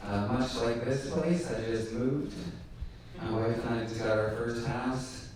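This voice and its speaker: A forty-year-old man performing stand-up, wry and self-mocking, with a voice of ordinary pitch. He is heard from some distance in a small, very echoey room with a faint hiss. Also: fairly even intonation, moderate pace, darkish tone. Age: 40s. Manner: wry and self-deprecating, often laughing at his own jokes. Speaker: stand-up comedian. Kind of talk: stand-up comedy set. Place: tiny dark performance room.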